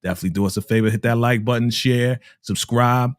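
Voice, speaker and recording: A man's voice: medium pitch, steady tone, fast, no echo, studio quality. Hyped man hosting a live stream. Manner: hyped, repeats greetings over and over. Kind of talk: casual live recap chat.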